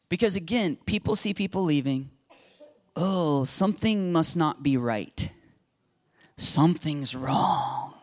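A middle-aged man preaching a sermon as pastor, acting out Bible dialogue with rising intensity. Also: fairly high pitch.

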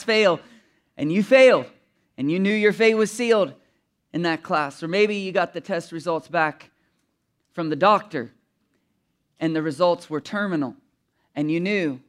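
A man in his thirties preaching a sermon in a conversational, humorous way, asking the audience questions and chuckling at his own story. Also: a little high. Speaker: pastor.

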